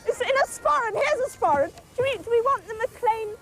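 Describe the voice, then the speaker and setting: A woman as the game show's skyrunner, chattering excitedly as she races across a breezy Highland course outdoors. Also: brisk, a crowd in the background. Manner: breathless, chatty, exclaiming at the scenery. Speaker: skyrunner on a treasure hunt game show. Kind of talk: excited on-location game show commentary.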